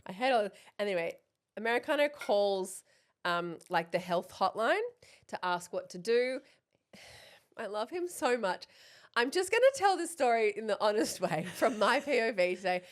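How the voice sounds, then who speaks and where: A woman's voice: mid-range voice, animated, normal speed. A woman, a podcast co-host dramatically telling a story in casual chat, laughing as she goes.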